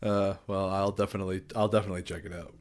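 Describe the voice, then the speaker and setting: A man's voice: sits low, flat delivery, rapid-fire. A man co-hosting a podcast, laid-back, with short agreeing replies and casual swearing. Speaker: podcast co-host.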